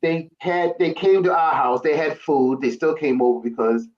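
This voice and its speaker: A man's voice: on the high side, normal speed, darkish tone. A man from Brooklyn, a guest on a talk show, reminiscing casually about family meals. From Brooklyn, New York. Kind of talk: casual chat. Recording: dull lo-fi sound.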